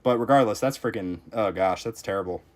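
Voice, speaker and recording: A young man with a fairly low voice live-streams a tower defense game. He thinks aloud, answers his chat and breaks into sudden exclamations when the run gets tense. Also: brisk. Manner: reactive, talks to chat while playing, frequent exclamations. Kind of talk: casual live-stream commentary.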